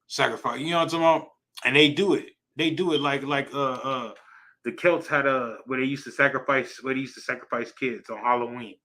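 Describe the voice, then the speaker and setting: Man, Bible class teacher, street slang, repeats himself, keeps asking "right?", bright and forceful voice. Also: medium pitch, steady tone, a little fast, poor audio. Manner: repetitive, emphatic, slangy, asks "right?" often.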